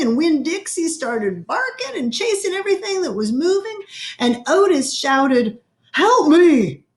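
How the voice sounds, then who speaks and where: A woman reading a children's novel aloud in a gentle storytelling manner, slowing down for effect. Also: on the high side. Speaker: reader. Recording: echoey room.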